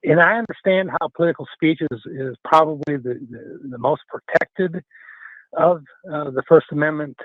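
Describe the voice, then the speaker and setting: A man calling in to a radio show, earnest and halting, with many fillers, heard over a tinny phone line. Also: on the high side, no echo. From Wisconsin. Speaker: caller. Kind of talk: call-in radio comment.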